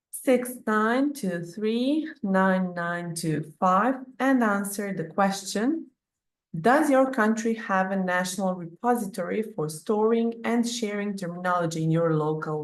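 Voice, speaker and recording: Slow, measured woman moderating a webinar. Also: mid-range voice. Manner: measured, polite, giving instructions. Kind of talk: moderating an online training session.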